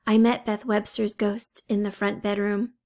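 A woman's voice: medium pitch, flat delivery, normal speed, a little mellow, lightly acted. A woman reading a firm, brave schoolgirl. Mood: earnest.

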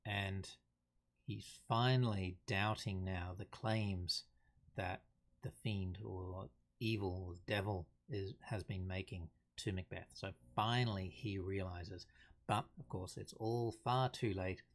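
A man giving an unhurried, thoughtful lesson on a play, reading quotations aloud plainly. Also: low-pitched, fairly even intonation. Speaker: teacher explaining a play. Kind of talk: casual explanatory lesson.

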